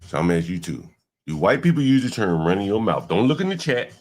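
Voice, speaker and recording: A man's voice: lowish voice, sing-song, quick pace. A man hosting a livestream, giving blunt, slangy reaction commentary and talking back at clips. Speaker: livestream host.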